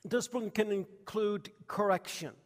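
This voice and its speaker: A man's voice: high voice, normal speed, in a large hall. A man preaching a sermon to a congregation, telling childhood stories in a folksy way with many fillers and questions to the room. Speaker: pastor.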